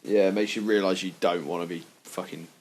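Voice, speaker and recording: A man's voice: deep voice, fairly even intonation, brisk, a little hiss or hum. A young man co-hosting a podcast, telling stories in a casual chat, swearing freely and sounding indignant. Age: young adult. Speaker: podcast co-host.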